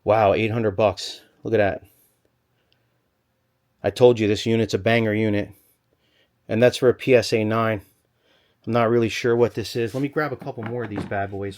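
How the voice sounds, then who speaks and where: A man vlogging from a storage locker, rambling and thinking aloud in an excited stop-start way, a little out of breath. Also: on the low side. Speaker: storage unit reseller. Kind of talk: excited unboxing vlog.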